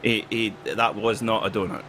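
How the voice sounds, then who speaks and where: A man's voice: fairly low pitch, fairly even intonation, normal speed, fairly bright tone. A man hosting and commentating a sim race, playful and teasing his co-hosts. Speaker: commentator and show host. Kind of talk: live sim racing commentary. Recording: background noise under commentary.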